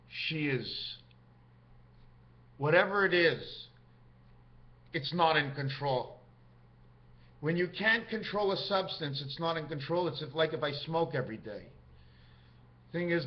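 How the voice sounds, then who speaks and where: A man's voice: high voice, muffled recording. A man talking straight to camera in a rambling, free-associating monologue that jumps from topic to topic. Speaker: vlogger.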